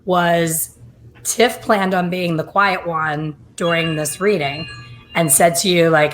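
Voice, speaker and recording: A middle-aged woman hosting a casual chat, telling lively stories and acting out other people's voices. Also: on the low side, slow, soft background music. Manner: animated, acts out quoted voices. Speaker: host.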